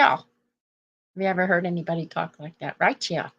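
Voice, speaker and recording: A woman's voice: on the low side, steady tone, measured pace. An older woman hosting a casual live chat, rambling through stories and laughing often. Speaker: host.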